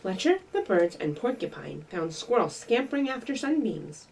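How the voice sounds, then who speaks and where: Animated woman reading to kids. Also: medium pitch, moderate pace, vocal fry, few pauses, slightly rough, distant mic, poor audio. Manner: bright, sing-song, animated. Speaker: children's librarian. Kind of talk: children's story time reading and singing.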